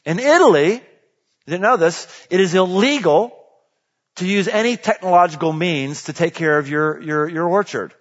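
Animated male pastor in a reverberant hall. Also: high-pitched, normal speed. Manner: animated, swings from quiet to loud emphasis. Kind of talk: sermon. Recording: dull audio with long hall reverb.

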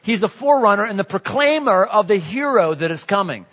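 A man preaches an animated, jokey sermon and repeats his points. His voice sits a little high. It carries a long hall echo and sounds dull. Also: fairly quick. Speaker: pastor.

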